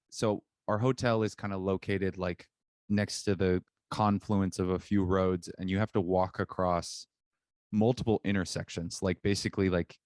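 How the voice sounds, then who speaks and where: Podcast co-host, deep dry-voiced man, rambling deadpan storyteller, remote-call sound. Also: no room sound. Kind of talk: casual chat.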